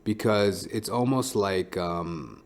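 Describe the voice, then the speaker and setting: A man's voice: sits low, slow. A man who is a stand-up comedian, hosting his own podcast in a blunt, profane, rambling monologue.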